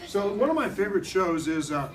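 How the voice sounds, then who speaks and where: A man's voice: high voice, very animated, brisk. A man teaching young children science in a classroom, playful and coaxing, leading call-and-response chants. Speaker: science teacher visiting a first grade class. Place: school classroom. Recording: distant mic, noisy classroom.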